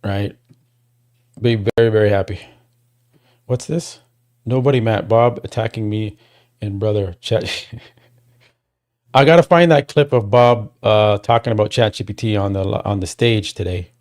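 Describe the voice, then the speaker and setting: A man hosting a casual livestream watchalong, rambling and talking to his chat, and getting loud and worked up when he complains. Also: fairly low pitch, unhurried, long pauses. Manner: rambling, restarts, talks to chat. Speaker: livestream host.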